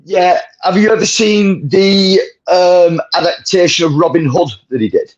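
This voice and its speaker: A man's voice: high-pitched, steady tone, a little slow. A man with a northern English accent, chiming in agreeably during a casual film chat and repeating himself as he talks. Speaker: film club co-host. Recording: dull lo-fi sound with crowd noise behind.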